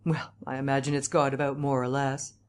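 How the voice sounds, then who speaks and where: A woman voicing a breezy, teasing young English gentleman. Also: extremely low pitch, monotone, fairly quick. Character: jovial hearty young English gentleman journalist.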